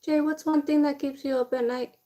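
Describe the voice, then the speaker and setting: A young woman with a fairly high voice chats bluntly while she does her makeup at home. She talks casually and drops swear words as she goes, streaming to her viewers. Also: steady tone, a little fast, dark tone.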